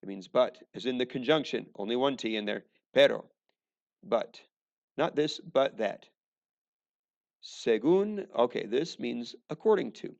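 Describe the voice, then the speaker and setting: Gravelly man teaching with dry jokes. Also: medium pitch, expressive, measured pace, muffled recording. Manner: dry, joking asides. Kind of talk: recorded classroom lesson.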